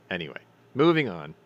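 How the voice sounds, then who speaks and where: A man's voice: low-pitched, dull audio. A man hosting a news commentary stream, reading articles aloud and adding sarcastic, profane remarks, stumbling over names.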